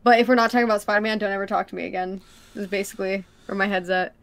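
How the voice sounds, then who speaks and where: A woman's voice: mid-range voice, steady tone, rapid-fire. A woman guest on a livestream, chatting in a giggly, playful, self-mocking way. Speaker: guest streamer. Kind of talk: casual livestream chat.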